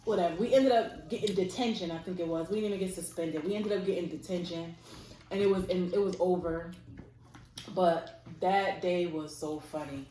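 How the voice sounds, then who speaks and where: A woman's voice: lowish voice, normal speed, warm tone. A woman in her thirties casually telling a story, acting out quotes and laughing often. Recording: echoey room with faint noise.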